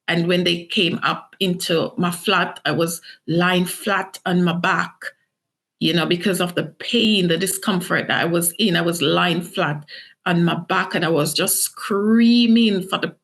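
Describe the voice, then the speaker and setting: Middle-aged jamaican-born woman telling her story, earnest and emotional, kinda low voice. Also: measured pace, a bit bright. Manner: earnest, emotional retelling with acted quotes. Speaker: author and interview guest. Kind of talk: personal story told in an interview.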